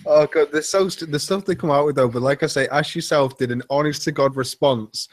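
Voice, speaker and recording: A man's voice: a little high, fairly quick, no echo. A man guest on a casual online chat who keeps laughing through his words.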